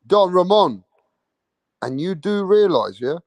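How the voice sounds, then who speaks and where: A man hosting a boxing channel, chatting casually on a live stream, shouting out viewers in slangy, emphatic talk. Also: sits high, expressive, takes it slowly, no echo.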